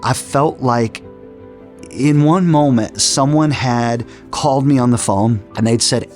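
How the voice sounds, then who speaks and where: Telling his testimony with earnest storytelling, a middle-aged man keeps restarting his sentences. His voice is mid-range and his pace measured, and soft music can be heard under the recording.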